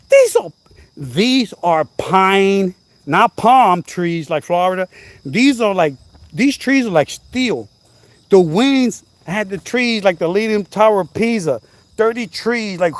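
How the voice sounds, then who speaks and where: High-voiced man telling a storm story. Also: dry recording. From New Jersey. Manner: animated, repetitive, exclaiming. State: coughing now and then. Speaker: channel host. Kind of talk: casual storytelling vlog. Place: outdoors at night by a house.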